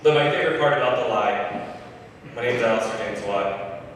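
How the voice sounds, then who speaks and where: A man's voice: medium pitch, moderate pace, a little hiss or hum. A man doing a stand-up set in a live comedy club, telling stories, swearing freely and working the crowd. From Michigan, US. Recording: echoey hall from far off.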